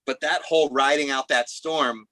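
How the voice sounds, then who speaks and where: A man, a musician guest, casually telling animated anecdotes and acting out the voices of people in them. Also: medium pitch, normal speed, a little hiss or hum, rough recording. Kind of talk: casual storytelling chat.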